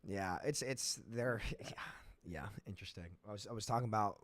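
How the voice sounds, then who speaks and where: A man hosting a casual podcast chat, telling animated stories with lots of stumbles and restarts over a headset mic. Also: fairly low pitch, a little fast, no echo. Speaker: streamer and podcast host.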